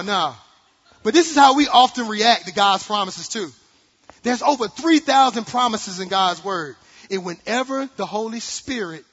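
A man preaching a sermon with animated delivery, acting out quotes and jokes. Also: high voice, slightly rough. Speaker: pastor. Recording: dull sound in a large reverberant hall.

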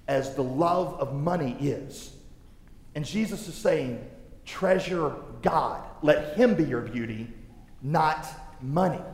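Animated preacher in an echoey hall. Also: male voice, high voice. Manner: animated, humorous storytelling with acted-out voices. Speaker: pastor. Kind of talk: sermon. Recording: echoey hall with long reverb.

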